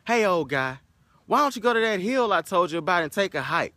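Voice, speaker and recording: A man's voice: high-pitched, very animated, brisk, bright, forceful tone, no echo, voice pushed up, exaggerated voice. A man voicing a rude taxi driver who teases an old man in a spoken story. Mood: taunting. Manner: mocking, teasing.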